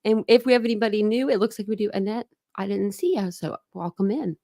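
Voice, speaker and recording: A woman's voice: medium pitch, steady tone, fast talker, mellow, dry recording, clean studio sound. Chatty woman hosting a home livestream. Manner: chatty, apologetic, greets viewers by name. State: a little out of breath. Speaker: livestream host. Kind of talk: casual livestream chat. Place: home room with dogs.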